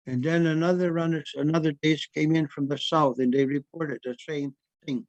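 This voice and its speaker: A man's voice: a little high, steady tone, dry recording, low-quality recording. Man telling a traditional story, dry close mic. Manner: unhurried, repeats words for emphasis, with pauses and fillers.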